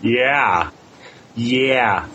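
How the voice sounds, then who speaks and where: A man co-hosting a podcast, making quick offhand remarks in casual chat. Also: mid-range voice, pushed and bright, faint music behind. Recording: muffled lo-fi line.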